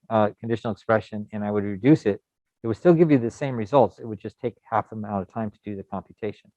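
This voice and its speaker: A middle-aged man from the United States teaching a programming lesson in a relaxed, rambling way with many fillers. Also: fairly low pitch, no echo. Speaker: programming instructor. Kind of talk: recorded coding lecture. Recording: dull lo-fi sound.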